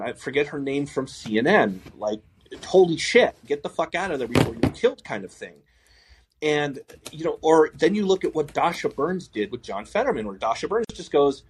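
A husky-voiced man hosting a casual podcast, ranting bluntly with plenty of swearing. He laughs often in the middle of his sentences. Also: medium pitch. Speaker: podcast host.

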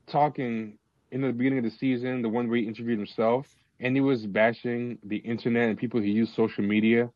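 A man of medium pitch hosts a call-in podcast, chatting casually and with strong opinions, full of fillers and restarts, while speaking into a tablet mic. The sound is lo-fi with no echo.

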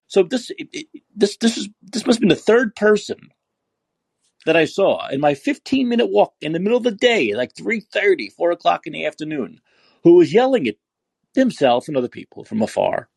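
A man's voice: high voice, big pitch swings, normal speed, vocal fry, a little mellow, breathy edge, no echo. A man from New York hosting a call-in podcast, ranting and profane, often repeating himself as he restarts sentences. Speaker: podcast host. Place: San Francisco.

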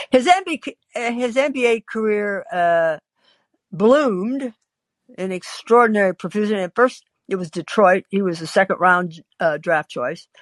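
An older woman who hosts a podcast tells a personal story in a wry, confiding voice of medium pitch, with lively intonation and a slightly slow pace. She often pauses on small hesitant fillers, and the recording is close and dry with no echo.

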